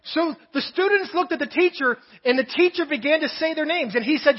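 A man preaching a sermon in church, telling a story and dropping soft and low on the words he wants to land. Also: a little fast, hardly any pauses, lo-fi sound. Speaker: pastor. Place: church sanctuary.

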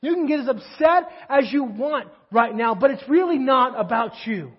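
A man's voice: very high-pitched, lively intonation, moderate pace, slightly rough, lo-fi sound. A man preaching a sermon in a conversational way, asking his listeners rhetorical questions. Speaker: pastor.

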